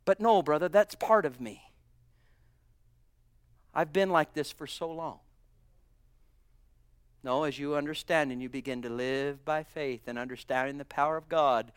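A middle-aged man preaching a sermon, going from loud exclamations to hushed near-whispers, and slowing down low for scripture quotes. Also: smooth, dry recording, studio quality.

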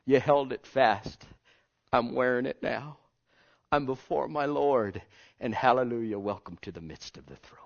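A man preaching a sermon with passion, swinging between loud pleading and hushed, almost whispered lines. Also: mid-range voice, measured pace, vocal fry. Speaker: pastor. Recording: lo-fi dull sound.

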